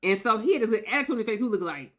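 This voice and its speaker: Woman telling a personal story to camera, animated and conversational, acts out what others said. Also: a little high, rapid-fire. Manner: animated, acts out quotes, tags lines with "okay?". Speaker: video creator. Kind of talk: casual storytelling monologue.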